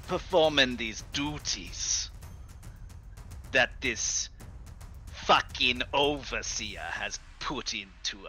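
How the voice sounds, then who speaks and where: A man voicing a weary male NPC who is tired and fed up, talking in a halting, sighing way. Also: lowish voice, bright, forceful tone, full character voice.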